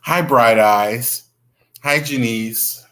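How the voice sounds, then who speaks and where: Chatty, bright-voiced man on a livestream. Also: mid-range voice, extremely slow. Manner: chatty, greets viewers by name, gossipy. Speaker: livestream host. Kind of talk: casual livestream chat.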